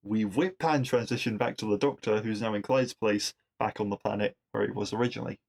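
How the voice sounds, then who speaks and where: A man hosting a podcast, recapping a TV episode in a chatty, enthusiastic solo talk with quick asides. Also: lowish voice, vocal fry, a little mellow.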